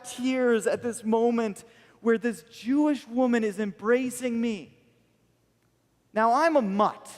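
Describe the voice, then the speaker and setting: An American man preaches a sermon with a high-pitched voice, telling his story earnestly and with feeling. His voice rings with a long reverb from the church hall around him. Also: slow pace. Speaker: pastor.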